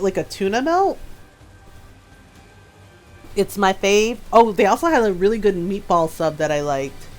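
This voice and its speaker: A woman's voice: medium pitch, a little mellow. A woman streaming a video game, chatting casually and laughing often as she tells stories. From her father's home in Texas. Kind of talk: casual gameplay chat.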